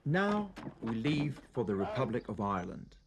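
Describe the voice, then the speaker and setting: A man narrating a language-lesson programme in a clear, teacherly way. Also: medium pitch, very animated, moderate pace, background noise. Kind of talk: scripted narration.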